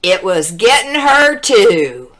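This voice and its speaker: At a medium pitch, a woman reads from a children's storybook with drawn-out, expressive delivery. She tosses in brief asides aimed at the listener.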